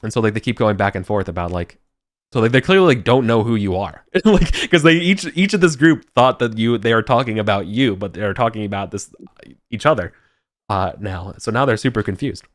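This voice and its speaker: A man's voice: fairly low pitch, lively intonation, brisk, no room sound, studio quality. A man narrating a tabletop game as game master, loose and rambling with many fillers.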